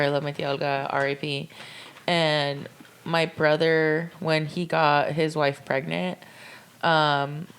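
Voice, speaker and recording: A woman's voice: deep voice, smooth. A woman co-hosting a podcast, telling stories in casual chat with loose swearing. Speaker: podcast co-host.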